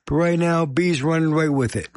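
Hoarse, coughing male radio host. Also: a little high, steady tone, a little fast, darkish tone. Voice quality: scratchy voice. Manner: chatty, self-deprecating, apologetic. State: hoarse, fighting a chest cold, coughing. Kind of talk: casual radio DJ chatter.

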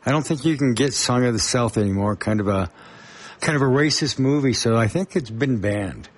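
A man's voice: mid-range voice, fairly quick. A middle-aged man from Colorado, hosting a small community radio show and chatting casually between songs, rambling with plenty of fillers. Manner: rambling, chatty, many fillers and asides to listeners. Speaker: radio host.

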